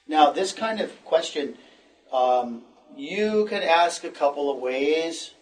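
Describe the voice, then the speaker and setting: A man's voice: on the high side, expressive, takes it slowly, far from the mic, faint music behind, rough recording. A middle-aged American man teaching an English lesson, patiently repeating phrases for the learners. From United States. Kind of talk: classroom lesson.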